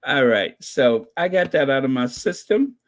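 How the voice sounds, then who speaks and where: A man hosting his own channel, giving excited casual commentary, gleeful and laughing, who repeats his points over and over. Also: mid-range voice, normal speed. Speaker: channel host reacting to royal news.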